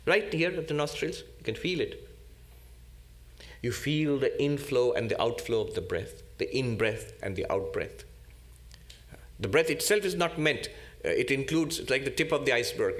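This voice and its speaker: A man, a monk, giving a spiritual lecture in a deliberate, teacherly way, repeating key terms. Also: mid-range voice, lively intonation.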